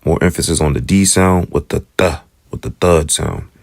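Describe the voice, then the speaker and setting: A man with an African American English accent teaching the Hebrew alphabet in a casual lesson, slowly repeating each letter's sound. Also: rumbling low, vocal fry, no echo. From United States.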